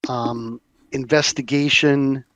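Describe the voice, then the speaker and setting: A man's voice: mid-range voice, fairly even intonation, slow, a bit bright, no room sound, dull audio. A man hosting a podcast, talking casually and rambling with many restarts. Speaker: podcast host. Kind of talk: casual chat about tabletop games.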